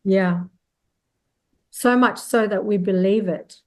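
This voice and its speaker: A woman, hosting a podcast interview, effusive and quick to affirm her guest. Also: mid-range voice, a little mellow. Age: 50s. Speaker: podcast host. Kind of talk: interview conversation.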